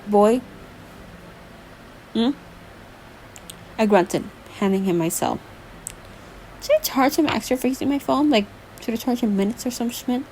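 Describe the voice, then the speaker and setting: A woman's voice: on the high side, darkish tone, a little hiss or hum, rough recording. A young woman reading a novel aloud casually, breaking off with playful asides and laughs. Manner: chatty, laughs and asides between lines, playful. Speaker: reader. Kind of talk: casual novel read-along with commentary.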